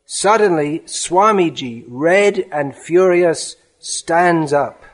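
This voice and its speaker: A man giving a spiritual lecture, reading a devotional offering aloud in an earnest, measured way. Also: a little high.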